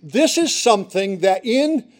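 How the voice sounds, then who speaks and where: A middle-aged man delivers a sermon from a church pulpit, his voice sitting notably high for a man. He preaches earnestly, leaning into pleas and repeating key words for emphasis. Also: lively intonation, measured pace. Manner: earnest, pleading, with emphatic repetitions. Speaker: pastor.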